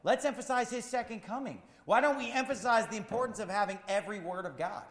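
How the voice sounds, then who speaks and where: A male pastor preaching an impassioned sermon, swinging between loud shouts and quiet, low asides. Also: fast talker. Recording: long hall reverb.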